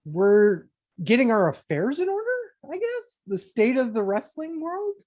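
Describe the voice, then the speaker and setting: A woman co-hosts a casual wrestling podcast, sounding wry and sarcastic and swearing freely in profane chat. Her voice is fairly high, sing-song and warm, at a normal speed.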